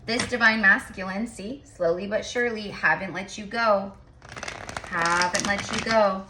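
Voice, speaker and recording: Against some background noise, a woman with a medium pitch and fairly even intonation offers her viewers a casual tarot reading. She rambles with frequent fillers and restarts and points out that she talks fast.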